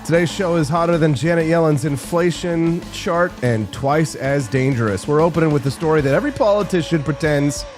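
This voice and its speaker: A man hosting a live political talk show, joking and sarcastic with quick asides. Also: a little high, faint music behind. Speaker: host.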